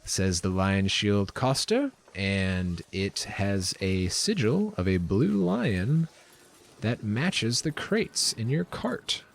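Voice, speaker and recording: A man's voice: fairly low pitch, expressive, takes it slowly, slight background noise. A young man narrating as game master in a casual, hesitant way with many fillers.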